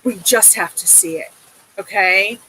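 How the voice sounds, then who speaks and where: A woman's voice: mid-range voice, measured pace, sharp tone, a little hiss or hum, poor audio. A woman giving a tarot reading in a casual, emotive way, swearing often and checking in with a soothing "okay?". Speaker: tarot reader.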